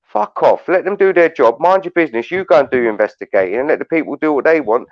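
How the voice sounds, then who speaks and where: A man's voice: fairly high pitch, animated, quick pace, dry recording, highs cut off. A man with a London accent who hosts a livestream panel, telling stories in a blunt, sweary rant. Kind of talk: heated casual chat.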